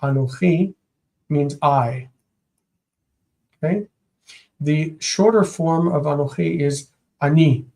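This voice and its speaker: A man teaching Hebrew grammar in a live stream, slow and patient, repeating each word several times. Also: on the high side, vocal fry, a little mellow.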